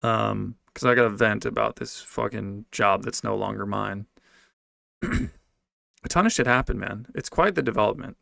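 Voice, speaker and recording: Young guy ranting about his old job, gravelly voice, swears a lot, dry sound. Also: lowish voice, normal speed, pushed and bright, no room sound. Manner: rambling, profane, slangy venting. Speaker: streamer reading donations. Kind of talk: casual rant.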